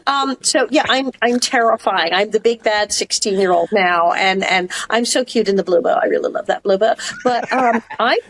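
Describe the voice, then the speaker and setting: A woman's voice: medium pitch, moderate pace, few pauses, a little hiss or hum, poor audio. A woman co-hosting a podcast, chatting casually, blunt and self-mocking with frequent laughter. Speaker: podcast co-host. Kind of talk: casual chat.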